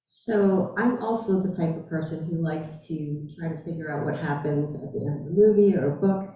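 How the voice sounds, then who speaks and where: A woman's voice: deep voice, normal speed, warm tone, slight background noise. A woman in the audience asking the author a question, plain and curious. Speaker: audience member. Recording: echoey room, distant mic.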